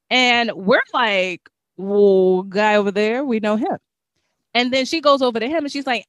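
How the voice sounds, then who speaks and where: A young woman hosting a casual chat, telling a lively story and acting out the voices of the people in it. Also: on the high side, moderate pace, dry recording, studio quality. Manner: animated, acts out voices in her stories.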